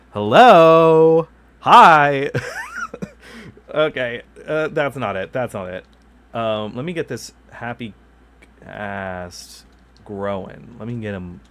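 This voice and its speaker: A man's voice: lowish voice, moderate pace. A man hosting his gaming channel, chatting casually while he streams, rambling, correcting himself often and joking along. His microphone sits some distance from his mouth. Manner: rambling, self-correcting, playful. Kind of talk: casual chat while live streaming gameplay. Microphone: microphone kept far from the mouth.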